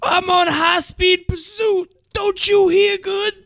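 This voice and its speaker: A man doing a shouting impression of a blustering older sheriff in hot pursuit, drawn out and strained. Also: very high voice, level tone, slow pace, voice pushed up, full character voice. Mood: bellowing.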